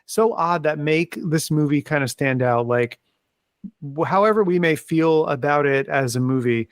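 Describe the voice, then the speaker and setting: Enthusiastic man, slightly high voice. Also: moderate pace, smooth, dry recording, studio quality. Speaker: podcast panelist. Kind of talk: casual film discussion.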